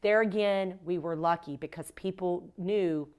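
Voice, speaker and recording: A woman with a somewhat low-pitched voice talks as a podcast guest. She tells her stories with emphasis, often acting out what people said. It is easy, casual interview conversation. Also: unhurried, a little mellow, clear, resonant tone. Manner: emphatic storyteller, acts out quoted dialogue. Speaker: cleaning company owner, guest. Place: podcast recording.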